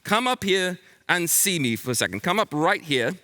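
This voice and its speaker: A man hamming up a bumbling, excitable detective for kids, his voice riding high and swooping wildly. The tone is bright and theatrical. He throws in big dramatic flourishes as he works the room. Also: normal speed, heavily acted. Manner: theatrical, playful, dramatic exclamations. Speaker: children's Bible school teacher. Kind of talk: comic character acting for children.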